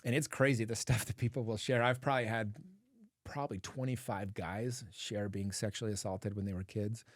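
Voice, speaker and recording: A man with a lowish voice talks earnestly as a podcast guest, telling stories about coaching men and often saying "like" as a filler. His voice sounds dry and close, with no room echo. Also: fairly even intonation, a little fast. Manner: earnest, storytelling, frequent "like" fillers. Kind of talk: casual podcast conversation.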